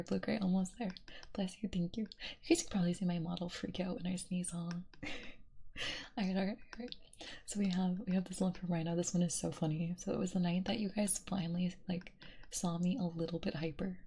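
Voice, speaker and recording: A woman streamer in soft-spoken ASMR stream chat, slipping between whispers and quiet talk and giggling often. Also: lowish voice, a little hiss or hum.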